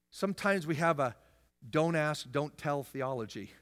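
A man's voice: on the high side, expressive, moderate pace. Emphatic male pastor preaching in a hall. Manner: preaching with emphatic repetition, shouted peaks, jokey asides. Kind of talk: sermon. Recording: long hall reverb.

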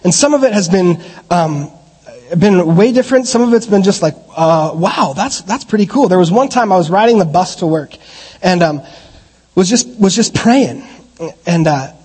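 Middle-aged preacher guy, kinda husky and high voice, sermon echoing round a church hall, goes from big excited preaching to loose rambly storytelling. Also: moderate pace. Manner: animated preaching, rising to shouts, then relaxed storytelling with restarts. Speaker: pastor.

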